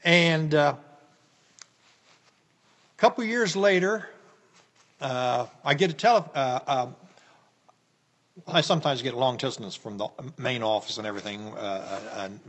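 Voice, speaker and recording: An older man from the United States talks through a long personal story, folksy and meandering, full of "uh"s and restarts. His voice is a bit husky and sits at an ordinary pitch. It rings in a room with a long, echoing reverb. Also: lively intonation, measured pace, pauses often, a bit bright. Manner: folksy, rambling, with frequent fillers and restarts. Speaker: interview guest.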